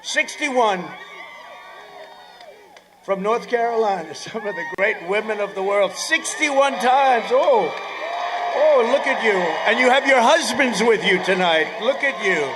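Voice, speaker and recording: Rambling older man shouting at a rally. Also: high-pitched, expressive, measured pace, crowd noise, background noise. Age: 70s. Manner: rambling, sarcastic asides, repeats phrases; bursts into shouting. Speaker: politician addressing a rally. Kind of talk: rally speech.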